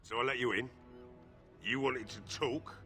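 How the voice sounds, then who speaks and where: An actor playing a middle-aged blacksmith in a video game, drunk, bitter and grieving, with a gruff, curt, weary way of talking. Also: male voice, mid-range voice, steady tone, normal speed, sharp tone, soft background music, lightly acted. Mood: wry.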